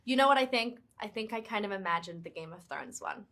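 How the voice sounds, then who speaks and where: A young woman with a British accent chats through a press junket interview, animated and full of fillers. Her voice is bright and forward, and her pitch sits in an ordinary middle range. She talks loosely and keeps jumping between thoughts. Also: quick pace. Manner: chatty, animated, many fillers. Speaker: actress and author being interviewed.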